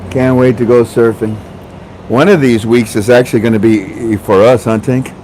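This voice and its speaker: A man's voice: medium pitch, fairly even intonation, moderate pace, a little mellow, a little hiss or hum, poor audio. A man hosting a casual livestream, chatting with viewers, joking and laughing often. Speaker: livestream host.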